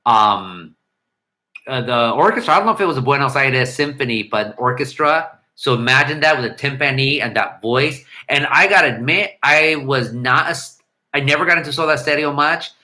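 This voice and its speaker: A man's voice: medium pitch, expressive, moderate pace, bright, forceful tone. A middle-aged man hosting a casual livestream at home, reading viewer comments and rambling, often humming and scatting tunes. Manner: rambling, hums and scats melodies. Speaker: livestream host. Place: home room.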